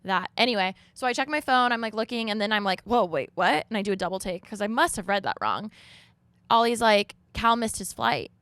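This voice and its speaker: A young woman co-hosting a podcast, telling a story in casual chat and acting out text messages in a lively, higher voice. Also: brisk, no room sound. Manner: animated storytelling, acts out texts in a high voice. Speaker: podcast co-host.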